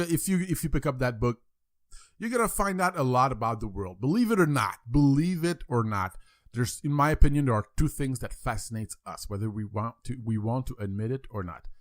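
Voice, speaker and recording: A man from France with a French accent hosts a podcast in loose, casual talk. He repeats himself and leans on fillers. His mid-pitched voice sits in a dry, close sound. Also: no room sound. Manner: rambling, repeats words, many fillers. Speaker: podcast host.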